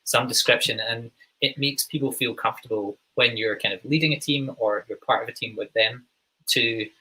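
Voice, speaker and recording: A man with a toned-down Glaswegian accent, hosting an interview and speaking casually, halting often with ums and restarts. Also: medium pitch, steady tone, bright, forceful tone, husky, rough recording. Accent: Scottish, Glaswegian, toned down. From Glasgow, Scotland. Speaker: podcast host.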